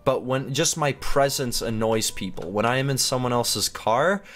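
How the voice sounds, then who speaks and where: Male gaming YouTuber, mid-pitched, chatty and giggly, narrating his own play over faint music. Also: normal speed. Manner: chatty and giggly, talking to himself. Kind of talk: gameplay commentary.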